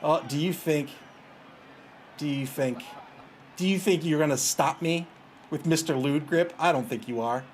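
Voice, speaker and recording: Man streamer, play-by-play, slightly high voice, faint background hum. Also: unhurried, long pauses. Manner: banters with chat, taunts opponents, laughs. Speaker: streamer and game commentator. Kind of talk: casual play-by-play of a video game.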